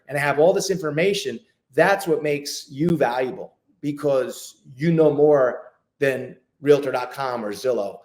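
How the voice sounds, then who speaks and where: A man's voice: fairly high pitch, moderate pace, darkish tone. A man, a real estate agent, talking casually as a podcast guest and acting out his calls with clients. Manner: chatty, acts out phone calls with clients, many restarts. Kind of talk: casual interview talk.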